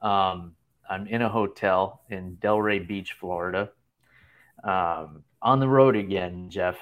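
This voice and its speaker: A man's voice: sits low, slow. A man in his thirties hosting a casual chat show from a hotel room, rambling and laughing often. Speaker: podcast host.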